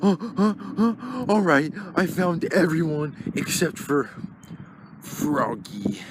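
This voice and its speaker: A man's voice: a little high, sing-song, takes it slowly, noisy background, pitched above the performer's own voice. A man voicing Ted, a dim-witted, mischievous teddy bear in a plush toy comedy, talking in a frantic, stammering dither.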